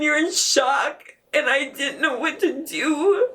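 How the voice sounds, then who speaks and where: Tearful woman, high and slow. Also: a bit bright, recorded from a distance. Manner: crying and laughing through tears while recounting. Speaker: interview guest. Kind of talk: emotional personal testimony.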